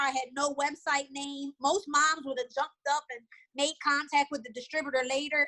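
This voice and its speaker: Brief: middle-aged woman, high pitch, bright tone, eager storyteller on a video call. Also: normal speed, few pauses, poor audio. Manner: animated storytelling, repeats words. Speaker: guest. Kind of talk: casual video call chat.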